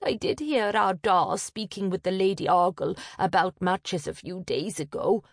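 A woman voicing a timid, tearful youngest sister who talks softly and sighs. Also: mid-range voice, measured pace, no echo, clean studio sound, natural voice. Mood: earnest. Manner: soft, plaintive, sighing.

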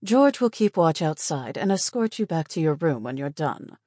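Woman narrator as a stern night nurse in an audiobook: curt, disapproving, husky. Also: low voice, big pitch swings, normal speed, dark tone, no echo, studio quality. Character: dour middle-aged female night nurse, stern.

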